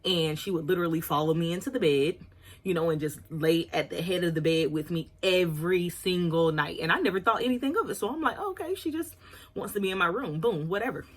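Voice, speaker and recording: Low husky woman telling a storytime. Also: fairly quick. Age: around 30. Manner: candid, chatty, apologizes for oversharing. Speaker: vlogger. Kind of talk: storytime vlog.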